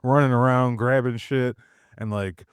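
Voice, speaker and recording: A man's voice: mid-range voice, steady tone, a little slow, clear, resonant tone, dry recording, studio quality. A man co-hosting a podcast in casual chat, telling rambling stories, swearing freely and laughing between sentences. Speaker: podcast co-host.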